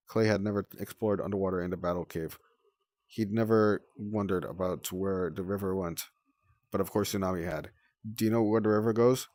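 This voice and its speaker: A man's voice: deep voice, a little mellow, no room sound. A man reading a novel aloud on a livestream, in a plain way with small slips and self-corrections.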